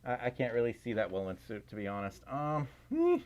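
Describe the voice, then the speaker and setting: A man's voice: mid-range voice, huge pitch swings, fairly quick, darkish tone. A man casually reading and answering viewer chat on a livestream, giggling and rambling with lots of fillers. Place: indoors at home, in a fursuit.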